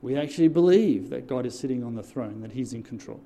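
Talking fast in a medium-pitched voice, a man who serves as a church deacon tells a sermon story with animation, trading call and response with the audience.

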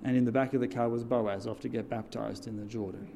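A man's voice: medium pitch, quick pace, creaky, slight background noise. A man who serves as a church deacon, telling a story in a sermon and drawing answers from his listeners. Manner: animated, call-and-response with audience.

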